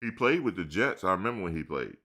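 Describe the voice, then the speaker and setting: A man with a low-pitched voice and a bright, forceful edge hosts a casual live chat. He talks loose and animated, heavy with slang and "dude", like he's chatting with friends. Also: fast talker. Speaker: live stream host.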